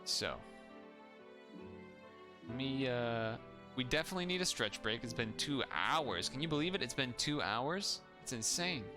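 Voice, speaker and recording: A man's voice: medium pitch, expressive, measured pace, pauses often, over music. A man streaming live, chatting casually and reacting aloud to what he watches.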